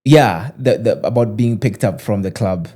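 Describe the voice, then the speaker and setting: A man's voice: on the low side, normal speed, mellow. A man hosting a podcast in casual chat, interjecting and prompting his guest with questions. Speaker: podcast host.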